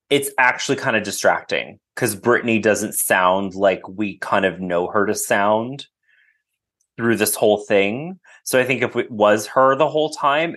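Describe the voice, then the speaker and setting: A man's voice: fairly low pitch, a bit bright. A man as a podcast guest, chatting casually and enthusiastically with lots of fillers. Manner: enthusiastic, gushing, filler-heavy.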